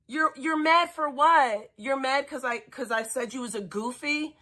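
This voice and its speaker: High bright taunting New woman. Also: moderate pace, few pauses. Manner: taunting, profane, repetitive. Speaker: streamer. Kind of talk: angry livestream rant. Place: at home.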